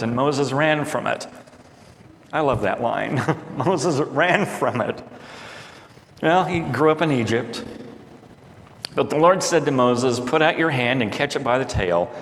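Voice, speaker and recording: A man preaching a sermon as pastor, reading scripture aloud and retelling it in casual modern words. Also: mid-range voice. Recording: echoey hall with faint ambience.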